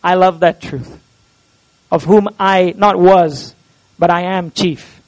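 A man with a high-pitched voice preaches in church as the pastor. He talks earnestly and keeps putting questions to his listeners. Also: steady tone, slow pace, poor audio. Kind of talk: sermon.

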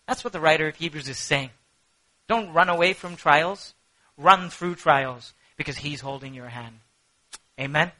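A man preaching a sermon with passion, rising to cries and sinking to hushed prayer. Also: fairly high pitch, normal speed, pauses often, low-quality recording. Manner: impassioned, shifts from shouting to hushed prayer. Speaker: pastor.

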